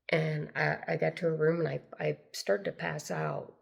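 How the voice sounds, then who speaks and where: A woman's voice: low-pitched, level tone, moderate pace, vocal fry, few pauses. An older woman telling a personal story to camera in an earnest, meandering way that circles back and repeats itself. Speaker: spiritual storyteller.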